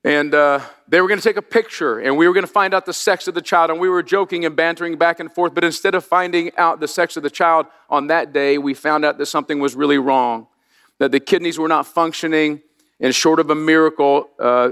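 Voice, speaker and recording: Older pastor preaching in a reverberant hall. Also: male voice, a little high, a bit bright. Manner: earnest, personal storytelling with frequent restarts. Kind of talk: sermon. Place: church sanctuary.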